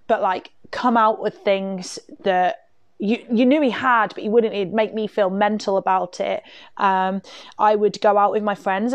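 A woman talks through a personal story on her podcast in a candid, chatty way, poking fun at herself and leaning on casual fillers. Her voice sits at an ordinary middle pitch. The recording is dry and close, with no room echo. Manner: candid, chatty, self-mocking, many "like"s. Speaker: podcast host.

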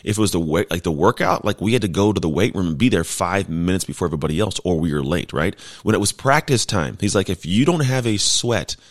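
Man, very low voice, animated storyteller, dry close sound. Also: fast talker, hardly any pauses, dry recording. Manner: animated, emphatic, laughs while telling stories. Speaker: former football player and speaker. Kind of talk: casual storytelling.

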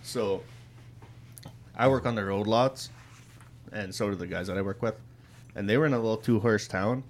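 A man's voice: on the low side, normal speed, long pauses, a little hiss or hum. A young man co-hosting a podcast who tells a work story in a laid-back, swearing way and often laughs while talking. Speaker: podcast co-host. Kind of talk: casual chat, storytelling.

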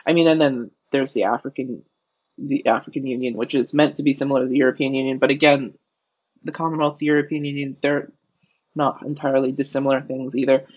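A man co-hosting a podcast in casual chat, thinking aloud and hesitating often. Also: mid-range voice. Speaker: podcast co-host. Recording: dull lo-fi sound.

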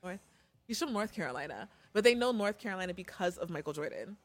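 Young southern us woman on a podcast, rattles off stories quick, casual swearing. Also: fairly low pitch, big pitch swings. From southern United States. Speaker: podcast co-host. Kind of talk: casual chat.

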